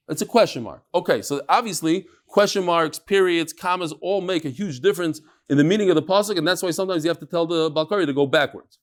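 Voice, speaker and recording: A fairly high-pitched, animated middle-aged man moves at a quick pace through a daily Talmud class. He speaks conversationally, mixing Hebrew and Aramaic, and keeps restarting sentences and adding asides.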